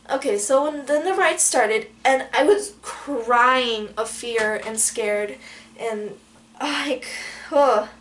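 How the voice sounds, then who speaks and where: A young woman vlogger telling a story in an animated way, full of fillers and dramatic quoted outbursts. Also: fairly high pitch, slight background noise. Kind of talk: storytelling vlog.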